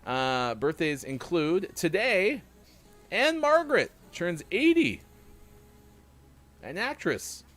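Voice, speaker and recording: Man hosting a morning show, lively up-and-down delivery, jokey, faint music underneath. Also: high-pitched, slow pace, pauses often. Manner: jokey, self-mocking. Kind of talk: casual chat, reading birthdays.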